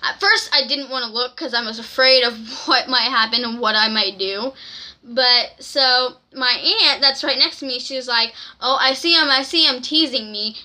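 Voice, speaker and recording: A young woman telling an excited, rambling story to camera in a casual vlog, often giggling. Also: fairly high pitch. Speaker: vlogger.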